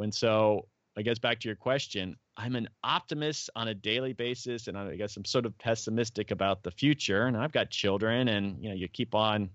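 A man's voice: on the low side, brisk, few pauses, a bit bright, no echo. Rambling middle-aged man, dull dry audio. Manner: rambling storyteller, acts out quoted voices. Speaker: podcast guest. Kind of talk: casual interview talk.

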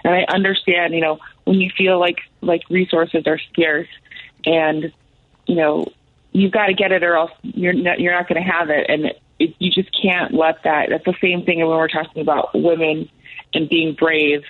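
A woman's voice: low voice, level tone, moderate pace, no room sound, narrow, tinny audio. A woman guest on a talk show, speaking emphatically and repeating lines for rhythm. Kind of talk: impassioned talk show discussion.

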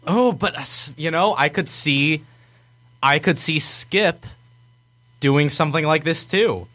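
A man co-hosting a sports podcast, excitably talking himself through his guesses in a quiz. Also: a little high, a little slow. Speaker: podcast co-host. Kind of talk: casual sports banter.

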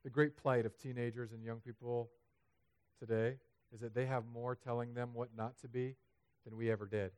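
Animated, joking male pastor. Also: mid-range voice, moderate pace, clear, resonant tone. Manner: animated and humorous, building to loud emphatic peaks. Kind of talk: sermon. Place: church sanctuary.

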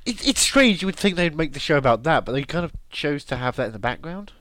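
A man's voice: on the high side, very animated, quick pace, fairly bright tone, no echo. Joking man on a dry mic. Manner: jokey, sarcastic, often laughing. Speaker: podcast co-host. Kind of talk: casual comedic chat.

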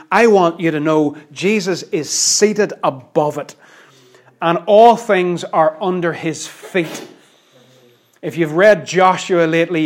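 Emphatic preacher, fairly high male voice. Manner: emphatic, dynamic delivery that swings between loud and hushed; conversational with light humor. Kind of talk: sermon.

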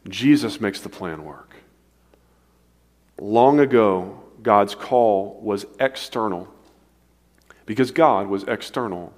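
A man preaching a sermon with a dynamic delivery, swinging between emphatic, raised passages and hushed, quiet ones. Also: fairly low pitch, expressive, takes it slowly, long pauses. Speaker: pastor. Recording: long reverb of a large hall.

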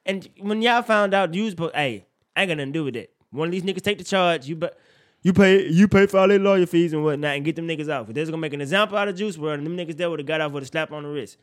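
A young man co-hosting a casual chat, animated and profane with loud outbursts, sounding tired. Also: a little high, racing. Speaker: podcast co-host.

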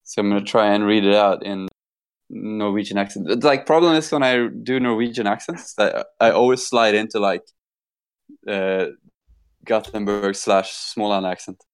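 Swedish wargamer, non-native English, smooth clear voice, easy storyteller. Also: male voice, on the low side, moderate pace. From Sweden. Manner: relaxed storytelling. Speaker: tabletop wargamer. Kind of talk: casual chat.

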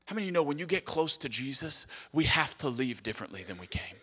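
A male pastor preaching a sermon with animated delivery, moving between loud emphasis and hushed asides. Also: a little high, fast, hardly any pauses, husky, big-room sound.

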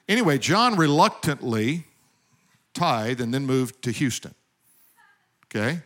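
A male preacher delivers a sermon in a mid-range voice. He tells stories and drives points home loudly. Then he drops into quiet, wry asides. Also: medium pitch, big pitch swings, a little slow, pauses often. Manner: storytelling with swings between loud emphasis and quiet asides. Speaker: pastor.

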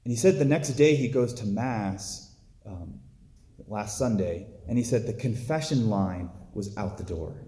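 A man's voice: on the low side, unhurried, warm tone, a little hiss or hum. Man preaching casually in an echoey room. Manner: conversational, storytelling with filler words. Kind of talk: casual sermon.

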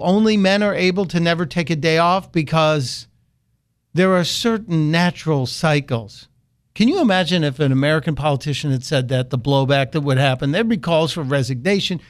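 A man's voice: on the high side, clean tone. A man hosting a talk radio show, delivering sarcastic, mocking commentary into a studio microphone.

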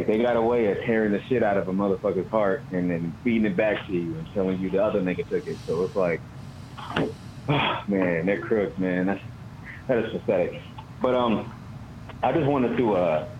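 A man's voice: lowish voice, moderate pace. A male caller from Baltimore in casual call-in chat, talking in a profane, heated, storytelling way. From Baltimore, USA. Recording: lo-fi call with faint noise.

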